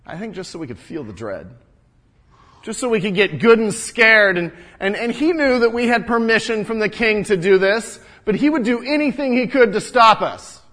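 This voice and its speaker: A man's voice: high-pitched, expressive, moderate pace, fairly bright tone. A man playing an earnest ancient wall-builder. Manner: earnest and indignant, stumbles over repeated words. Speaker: first-person biblical character monologue. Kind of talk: dramatic first-person storytelling.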